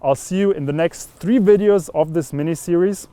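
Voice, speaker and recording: A man's voice: on the high side, moderate pace, warm tone, slight background noise. A young man coaching viewers straight to camera, upbeat and instructive as he explains a voice exercise. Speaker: voice and communication coach. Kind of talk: direct-to-camera teaching.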